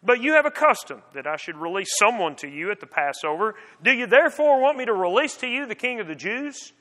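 A man's voice: high voice, big pitch swings, brisk, bright, forceful tone, voice pushed up, exaggerated voice. A man reading the lines of a Roman governor who presses a prisoner with incredulous questions. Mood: questioning. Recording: long hall reverb.

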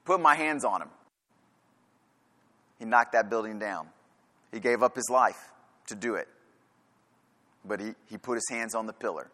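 A man's voice: fairly low pitch, fairly even intonation, moderate pace, pauses often, a bit bright. A man preaching a sermon in a church, firing rhetorical questions and hammering his points home through repetition. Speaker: pastor. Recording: long reverb of a large hall.

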